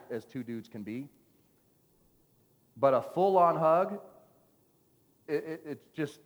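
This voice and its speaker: A man preaching a playful sermon to his church as pastor, joking with the congregation while telling a story. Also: mid-range voice. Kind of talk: lively sermon with stories. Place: church sanctuary. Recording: long church hall reverb.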